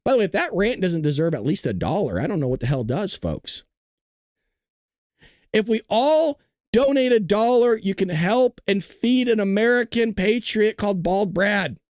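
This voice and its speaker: A male livestream host rants and jokes, swearing freely as he reacts to the chat. His pitch swings widely and animatedly. The recording is dry, with the mic close. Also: expressive, normal speed, dry recording. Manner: loud, ranting, profane, jokey. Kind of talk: profane live-stream rant and chat.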